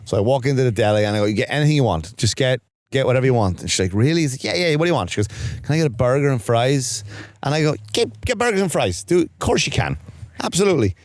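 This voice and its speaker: A man's voice: medium pitch, very fast, dry recording. A man co-hosting a casual comedy podcast, telling stories with lots of swearing and acting out the other people in them. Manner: animated storyteller, acts out quoted exchanges; swears freely, self-mocking.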